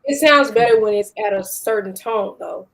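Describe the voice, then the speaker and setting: A woman with a Chicago accent chats on a panel. Her voice is mid-pitched, and her tone is relaxed but firmly opinionated. She keeps things conversational. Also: normal speed, creaky. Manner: laid-back, opinionated. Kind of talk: casual panel chat.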